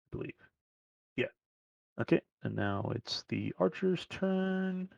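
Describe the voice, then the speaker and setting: Guy running a tabletop game, slightly high voice, dry room, calls the rolls matter-of-fact. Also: big pitch swings, takes it slowly, creaky, darkish tone, no room sound, muffled recording. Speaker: game master.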